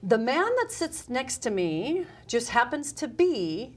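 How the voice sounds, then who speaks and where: A middle-aged woman, a customer service guest in a casual interview, tells her story slowly but with great animation, performing her own past dialogue. Her pitch is on the high side.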